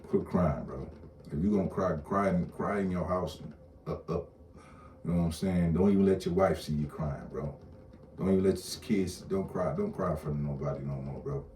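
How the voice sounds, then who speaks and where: A man's voice: sits low, moderate pace, mellow, a little hiss or hum. A man in a casual, profane rant, blunt and repetitive, heard from a distance in an echoey room. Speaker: online commentator. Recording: roomy echo, distant mic, faint ambience.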